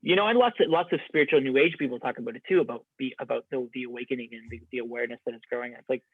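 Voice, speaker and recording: A man's voice: mid-range voice, racing, breathy edge, no room sound. A man in a casual podcast conversation, talking in a reflective, rambling way with many restarts. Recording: dry, phone-like narrow sound.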